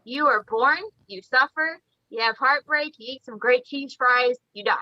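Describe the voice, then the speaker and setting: A woman's voice: high-pitched, normal speed, no echo, muffled recording. A woman talking bluntly and with lots of swearing on a casual podcast, telling stories and acting out quotes. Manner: blunt, profane, animated storytelling with acted quotes. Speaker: podcast guest, reptile breeder.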